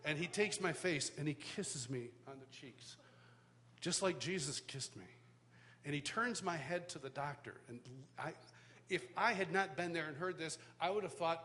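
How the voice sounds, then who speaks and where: A man teaching at a worship school, telling a personal story in sermon style with animated, self-mocking humor, recorded live in a church hall. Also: on the high side, moderate pace. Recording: live hall reverb, faint background noise.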